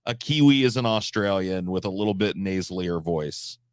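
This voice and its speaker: Low-voiced, profane American man. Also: expressive, normal speed, no room sound, studio quality. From United States. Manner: profane, rambling, blunt. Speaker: live-stream host. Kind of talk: casual live-stream chat.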